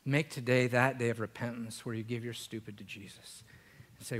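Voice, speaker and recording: A male pastor preaching a sermon in church, swinging from loud, emphatic passages to a hushed, prayerful voice. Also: mid-range voice, fairly even intonation, brisk.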